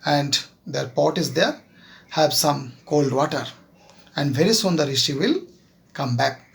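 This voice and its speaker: Gravelly Indian teacher telling a story. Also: male voice, a little high, fairly bright tone. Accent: Indian English. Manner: keeps checking with "Clear?"; slow, halting retelling with fillers. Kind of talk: classroom storytelling lesson.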